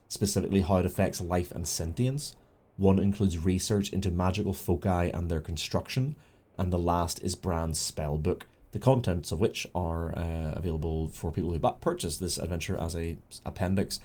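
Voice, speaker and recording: A British man running a tabletop game as game master, narrating in a relaxed, chatty way. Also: low-pitched. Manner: relaxed, chatty, lots of fillers.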